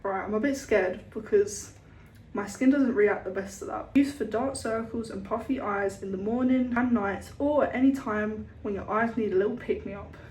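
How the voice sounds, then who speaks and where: A woman's voice: mid-range voice, moderate pace, darkish tone, a little hiss or hum. A young woman chatting casually to camera about her skincare, swearing freely and acting out the people she met. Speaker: skincare vlogger. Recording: roomy echo, a bit far from the mic.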